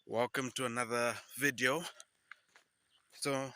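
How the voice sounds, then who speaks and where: Bright, emphatic man vlogging on foot. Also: medium pitch, fairly even intonation, unhurried. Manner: upbeat, emphatic, repeats key advice. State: slightly out of breath from walking. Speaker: farming vlogger. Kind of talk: casual instructional vlog.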